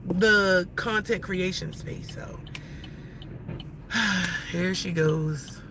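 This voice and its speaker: In a fairly low voice with drawn-out words, a thirty-something livestreamer rants and swears heatedly at viewers. She's inside a car, driving, and faint car noise can be heard behind her.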